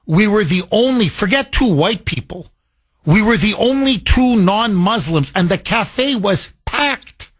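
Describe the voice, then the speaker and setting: Emotional talk radio guy ranting, middle-aged, kinda raspy voice pitched a bit high. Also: lively intonation, measured pace. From Canada. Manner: emotional, heated, preachy. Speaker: radio talk show host.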